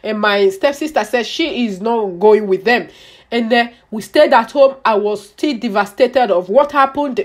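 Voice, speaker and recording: A woman's voice: a little high, unhurried. A young woman telling a personal story on her vlog, dramatic and repeating phrases for emphasis. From Nigeria. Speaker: vlogger.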